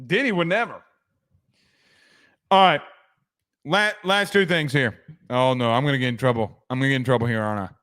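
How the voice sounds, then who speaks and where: A man's voice: medium pitch, a little fast, pauses often, a bit bright, clean tone. A man hosting a casual sports commentary show, rambling and joking. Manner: rambling, joking, trails off into asides.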